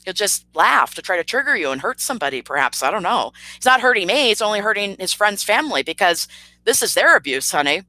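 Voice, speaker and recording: A woman's voice: mid-range voice, big pitch swings, fast, bright, forceful tone, dry recording, low-quality recording. A woman hosting a livestream, talking sarcastically and indignantly to her chat with lots of fillers. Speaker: channel host. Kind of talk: livestream commentary rant.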